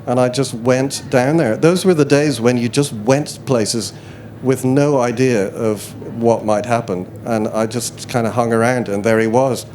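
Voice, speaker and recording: A male musician answers questions in a live chat tent, wandering through his stories with fillers and restarts. His pitch is average, and a faint noise floor sits under the voice. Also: a little slow, hardly any pauses, darkish tone. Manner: rambling, self-deprecating, hesitant with many fillers. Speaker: interview guest, musician. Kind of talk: casual live stage chat. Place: festival chat tent before an audience.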